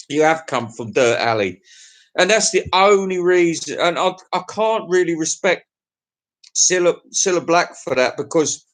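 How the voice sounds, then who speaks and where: A middle-aged man with an English accent, rambling crudely through a casual livestream chat with his viewers. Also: medium pitch. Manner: rambling, crude, chuckling to himself. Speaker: livestream host.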